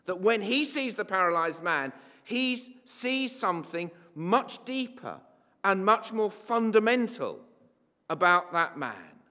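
Preacher with a lively voice, reverberant church. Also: male voice, high-pitched. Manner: conversational, wry, with asides and fillers. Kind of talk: sermon. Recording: long hall reverb.

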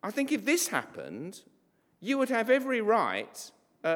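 A man's voice: high-pitched, wildly swooping pitch, measured pace, fairly bright tone. A man preaching a sermon in a conversational, wry way, with asides and fillers. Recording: long hall reverb.

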